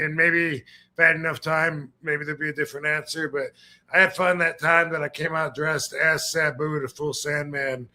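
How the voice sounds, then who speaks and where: A man's voice: on the high side, pushed and bright. A man hosting a podcast, chatting casually and rambling through a memory. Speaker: podcast host, retired wrestler. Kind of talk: casual chat.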